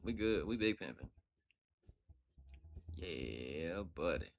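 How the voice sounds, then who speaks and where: A man's voice: low-pitched, lively intonation, takes it slowly. A man hosting a casual livestream chat, greeting viewers by name in slangy, laid-back banter and laughing often. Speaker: livestream host.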